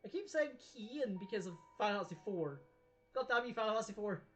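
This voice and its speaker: Woman streamer reading game story out loud, chatty asides. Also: medium pitch, lively intonation, fairly quick, faint music behind. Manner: casual asides between narration.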